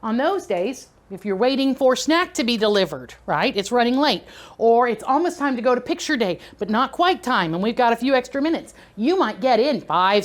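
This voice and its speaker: A middle-aged woman with a fairly high voice leads a teacher training session. She talks in an easy, conversational way and keeps checking in with her listeners as she explains. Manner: conversational, checks in with "okay?" and "right?".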